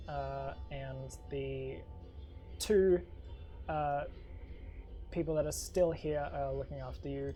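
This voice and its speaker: A woman's voice: low voice, warm tone. A woman narrating as game master in a casual tabletop game, hesitant with many ums and restarts.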